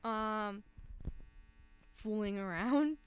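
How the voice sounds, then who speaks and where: A woman's voice: mid-range voice, very slow, slight background noise. A young woman guest in casual chat, giving brief, shy answers and giggling.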